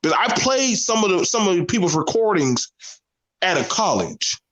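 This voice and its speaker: A man's voice: high-pitched, very animated, normal speed, a bit bright, rough recording. A man with a Southern US accent speaking as a guest on a casual panel discussion, earnest and emphatic, often repeating his phrases.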